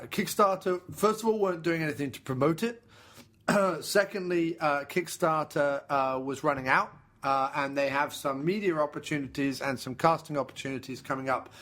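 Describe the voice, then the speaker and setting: A man's voice: a little high, fairly bright tone. A man co-hosting a casual film podcast, talking enthusiastically with lots of "uh" fillers and repeated pleas. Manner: enthusiastic, pleading, frequent fillers. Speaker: podcast co-host.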